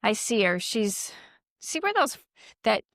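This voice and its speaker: Gentle earnest psychic woman outdoors. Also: medium pitch, big pitch swings, slow, no echo, clean studio sound. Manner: earnest, gentle, talks to unseen spirits in a coaxing voice. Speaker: psychic medium and energy healer. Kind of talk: casual talk during a graveyard walk. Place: outdoors in a cemetery by a road.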